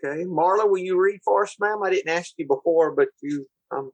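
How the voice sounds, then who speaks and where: A man hosting a group talk, his voice a touch high and recorded dry. He keeps his turns short and polite, calling people ma'am. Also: fairly quick, no echo, rough recording. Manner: polite and brief, says ma'am. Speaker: podcast host. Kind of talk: hosting a discussion.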